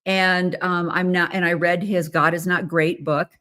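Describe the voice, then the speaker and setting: A woman's voice: on the low side, flat delivery, unhurried, sharp tone. An American woman hosting a podcast, talking casually in a chatty, rambling way with many fillers and restarts. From United States. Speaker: podcast host. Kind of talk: casual solo talk.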